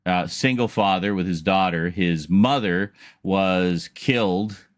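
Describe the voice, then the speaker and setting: Deep-voiced man, rambling casual chat. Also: takes it slowly, dry recording, studio quality. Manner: rambling storytelling with frequent laughs and restarts. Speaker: streamer.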